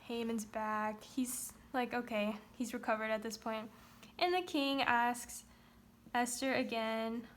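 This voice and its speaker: A woman teaching Sunday school with a high voice. She tells the story in a casual, chatty way and drops in playful asides as she goes. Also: takes it slowly.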